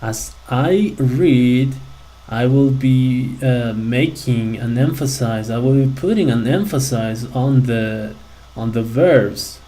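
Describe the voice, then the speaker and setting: Slow, mellow-voiced male ESL teacher. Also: mid-range voice, poor audio. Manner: slow, patient explaining with frequent check-ins. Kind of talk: classroom lesson.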